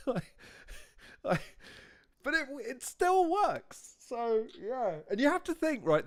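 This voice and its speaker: A man hosting a watch-along, commenting casually on a video with frequent laughter and rambling asides. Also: sits high. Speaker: host.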